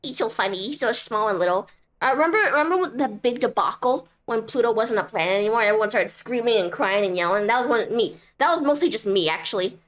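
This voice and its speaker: A woman's voice: fairly high pitch, animated, fast talker. Goofy, rambling young woman streamer. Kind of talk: casual game commentary.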